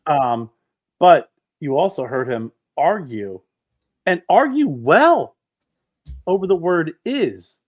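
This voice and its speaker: A middle-aged man co-hosting a podcast in casual chat, telling rambling, animated stories with many restarts. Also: on the high side, slow pace, pauses often, lo-fi sound. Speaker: podcast co-host.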